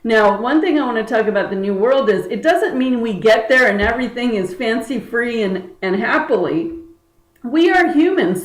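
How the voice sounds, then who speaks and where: A woman energy healer speaks to her viewers in an earnest, chatty way, leaning on fillers and restarting her sentences. Her voice sits a little high, and the room rings with a clear echo. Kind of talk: casual spiritual talk to camera.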